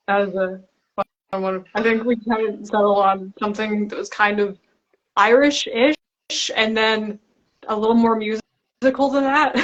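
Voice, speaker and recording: A young woman chatting in a relaxed way about her writing, laughing often between thoughts. Her voice sits at an ordinary middle pitch. The livestream audio is muffled and lo-fi. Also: a little slow, long pauses. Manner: giggly, chatty. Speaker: author. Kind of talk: casual live chat. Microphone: video call.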